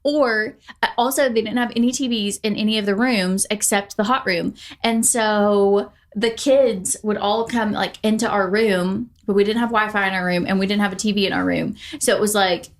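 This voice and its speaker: A woman in her thirties co-hosting a relaxed chat podcast. She talks in long, rambling runs, full of fillers and restarts. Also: medium pitch, normal speed, hardly any pauses. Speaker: podcast co-host. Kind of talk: casual chat.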